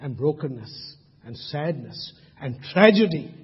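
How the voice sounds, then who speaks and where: Guy preaching in a big hall, husky voice, long echo, kinda muffled lo-fi sound. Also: high voice, animated, moderate pace. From Sri Lanka. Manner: emphatic preaching with rhetorical questions. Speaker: pastor. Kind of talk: sermon.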